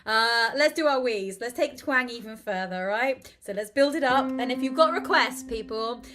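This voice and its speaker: A woman hosting a live online vocal warm-up class, chatting, asking for requests and guiding the group through exercises. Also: fairly high pitch, moderate pace. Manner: friendly, chatty, invites requests, guides exercises. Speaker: host and vocal coach.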